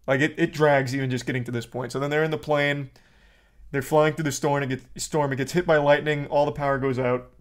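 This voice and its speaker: A man talks to his live chat in a loose, profane rant. His voice sits a touch high for a man, and his delivery is blunt and dismissive. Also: steady tone, a little fast. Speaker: streamer.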